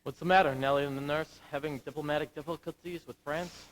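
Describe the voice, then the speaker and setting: A man's voice: a little high, steady tone, fast, close to an everyday voice, poor audio. A teenage boy acting and singing as a troubled young Marine lieutenant in a school musical on stage. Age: late teens. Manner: anguished, searching, sung ballad. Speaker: student actor in a school musical.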